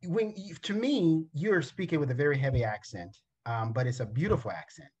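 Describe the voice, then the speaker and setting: A man's voice: on the high side, expressive, fairly quick, a little mellow, husky, lo-fi sound. Enthusiastic male talk show host. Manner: enthusiastic, complimentary, hesitant fillers.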